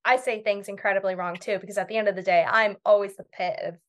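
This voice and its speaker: A woman's voice: mid-range voice, fairly even intonation, quick pace. A woman with an American accent, a guest on a casual podcast chat, talking in an upbeat, blunt way. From United States. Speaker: guest correspondent.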